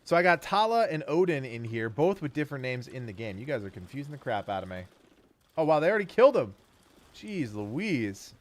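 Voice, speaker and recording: In a sing-song, medium-pitched voice, a man gaming live keeps up an upbeat, casual chat, rapidly listing viewer names and the places they're watching from. He's a father with kids.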